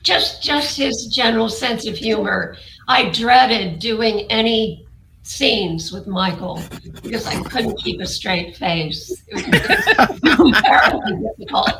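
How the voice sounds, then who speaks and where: A woman's voice: a little high, animated, unhurried, gravelly. A woman guest on a video-call panel recalling funny moments, laughing through her words. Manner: giggly, laughing through the telling. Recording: distant, echoey, noisy call.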